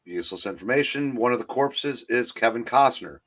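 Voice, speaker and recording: A man co-hosting a casual movie talk stream, rambling and halting with many restarts, talking into a streaming call mic. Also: mid-range voice, lively intonation, a bit bright. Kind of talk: casual chat.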